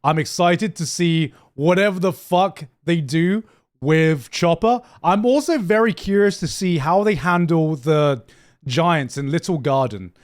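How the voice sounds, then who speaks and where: A young man chatting casually on a live stream, excitable, swearing freely and often repeating himself as he reacts. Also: a little high, measured pace. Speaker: streamer reacting to anime news.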